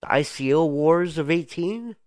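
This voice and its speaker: Croaky, playful man on a podcast. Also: on the high side, animated, a little slow, darkish tone, no echo, studio quality. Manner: jokey, playful. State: hoarse, croaky. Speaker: radio station host. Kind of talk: casual conversational podcast.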